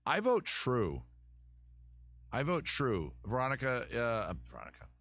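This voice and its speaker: A man's voice: mid-range voice, huge pitch swings, measured pace, a bit bright, no room sound. Man, live-stream host, casual rambling chat, jokey, dry close sound. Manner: rambling, jokey, thinks aloud with many restarts.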